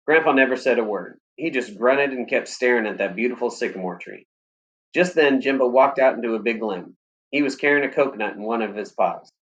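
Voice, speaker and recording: A man reading a story aloud in steady, plain audiobook narration. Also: mid-range voice, brisk, highs cut off.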